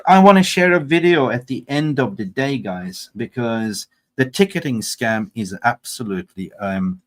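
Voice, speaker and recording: A man hosting a football fan channel, reacting with exasperated rhetorical questions. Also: mid-range voice. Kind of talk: reaction commentary.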